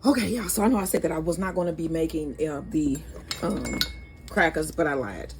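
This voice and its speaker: A woman's voice: low voice, fairly quick, heavy background noise. A woman hosting a casual cooking vlog in her home kitchen, chatty and correcting herself as she goes. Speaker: cooking channel host.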